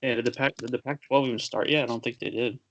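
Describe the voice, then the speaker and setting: Brief: female guest, very low pitch, casual quick asides. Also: fairly even intonation, poor audio. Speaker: podcast guest. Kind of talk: casual sports chat.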